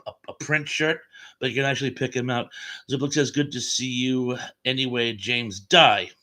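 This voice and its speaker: A man's voice: medium pitch, sharp tone. A man hosting a casual live stream, chatting about old films and reading out viewer comments with frequent chuckles.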